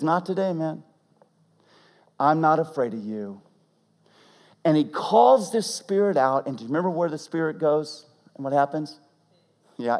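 A male pastor preaching a sermon in a casual, animated way, acting out quotes as he goes. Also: on the high side. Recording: long hall reverb.

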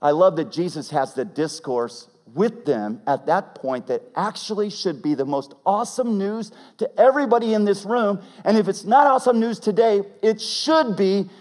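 A male pastor preaching a sermon in a casual, animated way, acting out quotes as he goes. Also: high voice, moderate pace, hardly any pauses. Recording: long hall reverb.

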